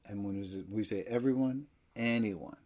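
A man preaching a sermon, emphatic, with loud stresses that drop to near-whispers. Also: fairly low pitch, steady tone, unhurried.

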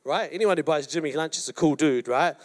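A male pastor preaching a sermon, telling a personal story with lively acted-out quotes to his congregation. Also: on the high side, brisk. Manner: animated storyteller, acts out quotes, addresses congregation. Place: church hall.

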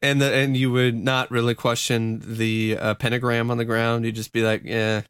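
Smooth-voiced man, casual podcast banter. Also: mid-range voice, little pitch movement, moderate pace, fairly bright tone, no room sound, clean studio sound. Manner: laughing, loose, swearing. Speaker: podcast co-host. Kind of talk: casual true-crime chat.

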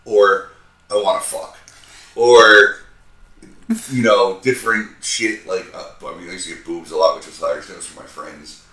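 A man in his thirties, a podcast co-host, telling a profane, animated story with acted-out quotes. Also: low-pitched, moderate pace, distant mic. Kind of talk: casual storytelling chat. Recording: roomy sound, a bit off-mic.

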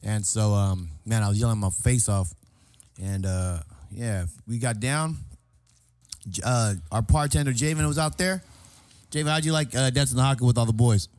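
A man hosting a casual bar podcast, hoarse from yelling the night before, laid-back and joking with loose slang. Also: medium pitch, normal speed, dry recording. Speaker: podcast host.

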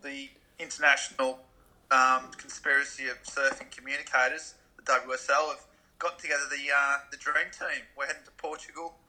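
A man's voice: mid-range voice, little pitch movement, normal speed, pushed and bright. A man co-hosting a podcast with laid-back, jokey banter. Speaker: podcast co-host. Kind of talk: casual podcast chat.

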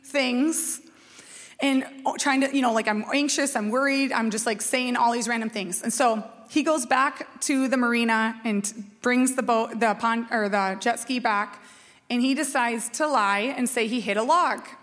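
Woman pastor in her forties, from minnesota, storytelling sermon, slightly high voice, long church-hall reverb. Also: unhurried. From Minnesota, USA. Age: 40s. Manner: lively, chatty, self-mocking, often checks in with "okay?". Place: church sanctuary.

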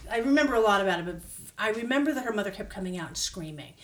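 A woman's voice: mid-range voice, rapid-fire, far from the mic. A woman guest telling a story casually and animatedly, acting out the quotes. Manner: animated, acts out quotes loudly. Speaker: podcast guest. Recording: roomy echo.

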